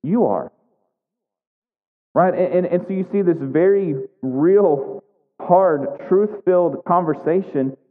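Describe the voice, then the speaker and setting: Unhurried and high-voiced, this man reads from the Bible and delivers a conversational sermon, repeatedly asking "right?". The audio has phone quality and a big-room sound.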